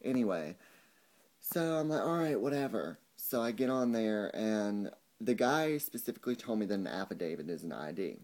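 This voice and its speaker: A man's voice: lowish voice, very animated, normal speed, darkish tone. A young man ranting angrily to camera in a vlog, swearing a lot and mocking the people he quotes. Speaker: vlogger. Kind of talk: angry rant to camera.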